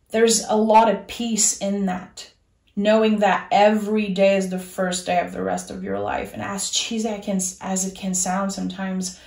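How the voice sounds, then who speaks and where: A woman giving a tarot reading, speaking in a soft, earnest and reassuring way, straight to the listener. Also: mid-range voice, reverberant. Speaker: tarot reader. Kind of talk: gentle spoken tarot reading.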